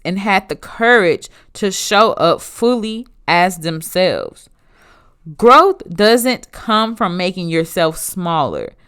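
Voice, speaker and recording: A woman's voice: medium pitch, a bit bright, clear, resonant tone. Blunt young woman podcaster. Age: young adult. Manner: emphatic, blunt and conversational, with dialect grammar. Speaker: podcast host. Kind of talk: motivational solo podcast talk.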